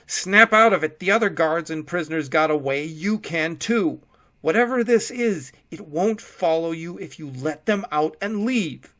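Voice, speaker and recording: A man voicing a desperate male prisoner who yells urgent demands. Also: a little high, animated, unhurried, voice pushed up. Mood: urgent yelling. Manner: yelling, urgent.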